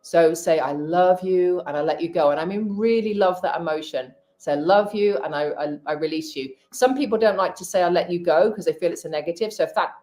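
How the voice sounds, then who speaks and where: A woman's voice: lowish voice, fairly quick, hardly any pauses, darkish tone. A middle-aged woman, a hypnotherapist and healer, chatting candidly on a live stream and giving practical tips. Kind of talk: casual live-stream chat.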